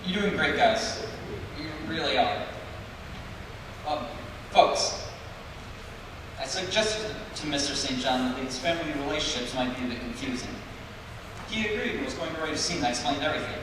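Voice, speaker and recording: A man's voice: a little high, animated, normal speed, long pauses. A man stepping onstage to explain the family tree to a live audience, friendly and slightly hesitant. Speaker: stage manager addressing the audience. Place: school theater stage. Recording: echoey hall from far off, hissy.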